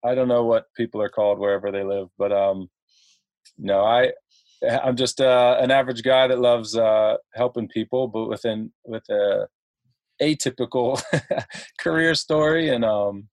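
A man's voice: mid-range voice, steady tone, normal speed, dry recording. Ohio guy on a podcast, chatty, lots of ums and laughs, dry close sound. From Ohio, United States. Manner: chatty, laughs often, many fillers and restarts. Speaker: podcast guest. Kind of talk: casual storytelling.

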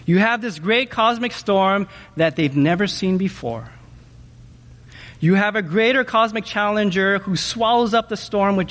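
Guy preaching, pretty high voice, keeps asking the room stuff, lots of echo. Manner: animated, asks the audience questions, says "okay?" often. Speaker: pastor. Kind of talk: sermon.

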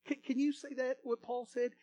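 A male pastor preaching a sermon, swinging between loud emphasis and hushed asides, leading the congregation in repeating phrases. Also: very high-pitched, level tone, normal speed, no room sound. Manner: repeats words when starting phrases.

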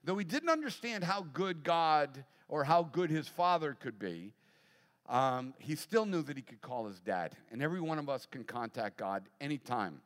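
A middle-aged man, a pastor, preaching a sermon and telling a personal story, animated and acting out voices. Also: a little high, normal speed. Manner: animated storyteller, acts out voices, laughs often. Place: large church hall. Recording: long hall reverb.

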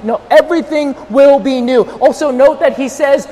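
A male pastor preaching a sermon, switching between loud, near-shouted emphasis and softer, tender passages while straining his voice without a monitor. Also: very high voice, moderate pace, hardly any pauses, big-room sound.

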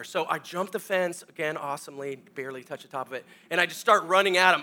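Animated, bright-voiced male pastor storyteller. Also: sits high, fast talker, hardly any pauses. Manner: animated, self-mocking storyteller acting out scenes. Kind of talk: comic storytelling sermon.

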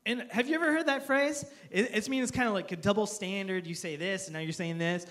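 A man's voice: high voice, very animated, a little fast, few pauses, a bit bright. A man preaching a humorous sermon to a live audience, joking and asking the crowd for applause and amens. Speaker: pastor. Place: church auditorium with live audience.

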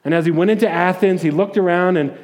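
A man's voice: high voice, fast talker, a little mellow. A man preaching a sermon in a conversational, storytelling way, often restarting his words. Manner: storytelling, acting out voices in quotes. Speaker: pastor.

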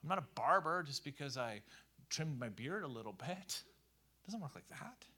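Bright-voiced animated male preacher. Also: fairly high pitch, moderate pace, breathy edge. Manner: conversational, animated, frequent "like" fillers. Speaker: pastor. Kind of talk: sermon.

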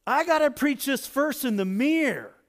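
A man preaching a sermon as pastor, dramatic, swinging from near-shouts to hushed asides. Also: extremely high pitch, lively intonation, moderate pace.

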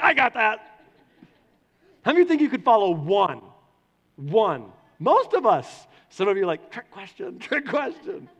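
A man preaching a sermon to a congregation, animated and putting questions to the listeners. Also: high-pitched. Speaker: pastor. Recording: long hall reverb.

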